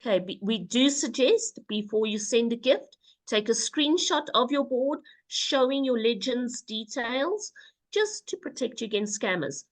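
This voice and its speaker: A woman walks listeners through the rules on a video call. She is brisk and instructive, and drops in playful asides. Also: a little high, expressive. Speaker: presenter. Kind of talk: casual webinar presentation.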